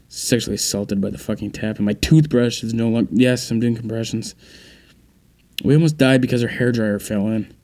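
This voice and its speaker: A man's voice: mid-range voice, darkish tone. A man doing a stand-up comedy bit, exasperated and swearing as he acts out a scene.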